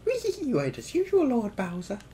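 Man doing a squeaky game minion, shrill, giggly, eager, very high. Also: wildly swooping pitch, brisk, dark tone, slight background noise, exaggerated voice. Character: squeaky excitable minion of a villain king.

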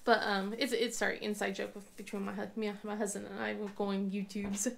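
A woman's voice: little pitch movement, fairly quick, creaky. A young woman chatting casually to camera at home, rambling with restarts and laughs. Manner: acts out her young son's lines in a high voice. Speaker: crafting vlogger. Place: at home on the couch.

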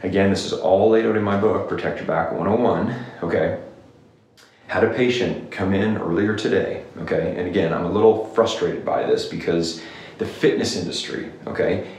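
Emphatic man with gravelly voice, echoey room. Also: deep voice, fairly even intonation, normal speed, darkish tone, distant mic. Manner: emphatic, repeats "okay?" often. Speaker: clinician giving exercise advice. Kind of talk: direct-to-camera rant video. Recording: very echoey room, somewhat off-mic with faint noise.

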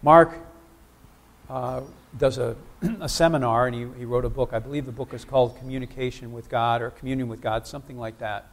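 A man's voice: medium pitch, steady tone, brisk. A man preaching a sermon in church, talking conversationally and asking the congregation questions.

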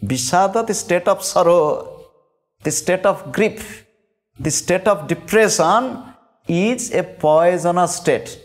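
A man giving a scripture discourse as a spiritual teacher, speaking deliberately and repeating key phrases for emphasis. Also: sits high. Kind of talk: sermon-style scripture discourse.

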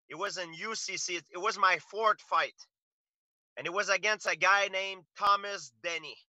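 A man's voice: sits high, pushed and bright, dry recording, lo-fi sound. Earnest man. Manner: earnest storytelling with frequent restarts. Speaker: interview guest, fighter. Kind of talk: casual interview talk.

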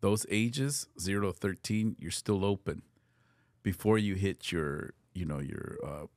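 A man's voice: sits low, unhurried, a little mellow, no echo. A middle-aged man telling a personal story on a podcast in an earnest, casual way, slipping into Spanish phrases and swearing freely. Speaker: podcast guest.

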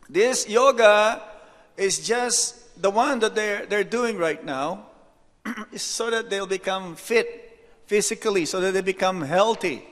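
Slow high-voiced monk in echoey hall. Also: male voice. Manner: unhurried, with rhetorical "hmm?" asides; storytelling, reads out anecdotes. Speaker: monk giving a lecture. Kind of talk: devotional lecture. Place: temple hall.

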